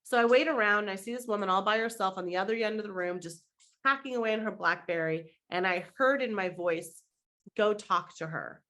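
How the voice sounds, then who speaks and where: A woman's voice: medium pitch, brisk, bright, forceful tone. A middle-aged woman, a mindset coach on a podcast, telling a story with animation and acting out the other people's lines.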